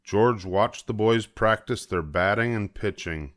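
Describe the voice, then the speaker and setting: An older man reading a children's picture book aloud, storytelling. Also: fairly low pitch. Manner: slow, lively storytelling.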